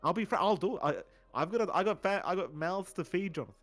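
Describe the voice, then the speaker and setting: An Australian man co-hosting a podcast, telling stories in a casual, animated way with frequent swearing. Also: high voice, fast, faint music behind. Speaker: podcast co-host. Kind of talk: casual chat.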